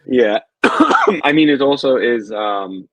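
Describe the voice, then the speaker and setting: A man's voice: medium pitch, slow, no echo. Male co-host, easygoing, quotes films in silly voices, dry close recording. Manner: relaxed, laughs along, puts on voices for quotes. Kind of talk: casual live show chat.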